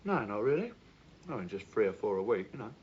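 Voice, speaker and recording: An actor playing a cheeky but decent young bricklayer who teases and calls people "love", in a TV drama. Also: male voice, lowish voice, big pitch swings, quick pace, a little mellow. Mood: banter. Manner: teasing, chatty, uses "love" a lot. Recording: muffled old TV soundtrack with faint hiss.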